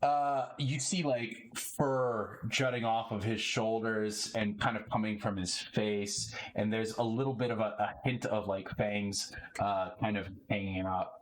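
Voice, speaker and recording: A man's voice: on the low side, fairly even intonation, measured pace, hardly any pauses, poor audio. A man narrating as game master in a loose, rambling way with many fillers.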